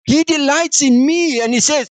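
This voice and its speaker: A man with a South African accent preaching a sermon in an animated way, acting out God's words. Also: extremely high pitch, moderate pace, no echo. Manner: animated, acts out God's words, mixes in other languages.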